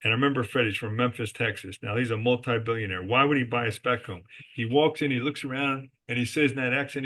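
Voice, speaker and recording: A man's voice: mid-range voice, steady tone, fast, few pauses, fairly bright tone. A man as a guest in a podcast interview, telling business stories emphatically and answering his own rhetorical questions. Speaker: guest, resort company executive.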